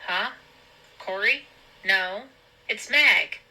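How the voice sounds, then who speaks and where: A woman's voice: mid-range voice, drawn-out words, pushed and bright, heavily acted, rough recording. A woman voicing a small, stubborn teenage girl who sounds tense and indignant. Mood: alarmed.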